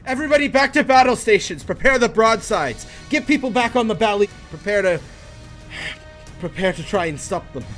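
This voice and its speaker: A man's voice: fairly high pitch, sing-song, normal speed, pushed and bright, soft background music, voice pushed up. Man doing female ship captain, commanding, stubborn, tabletop game.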